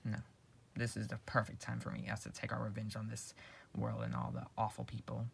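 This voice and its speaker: A man voicing a vengeful young killer who talks in slow, taunting, profane lines in a homemade comedy drama. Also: lowish voice, big pitch swings, vocal fry, a little hiss or hum, heavily acted.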